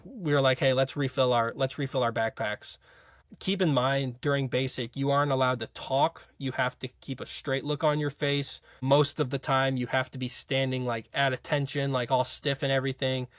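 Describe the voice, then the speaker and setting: A young college football player telling a story in a casual interview, rambling with frequent fillers and restarts. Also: male voice, mid-range voice, fairly bright tone, dry recording, studio quality. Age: young adult.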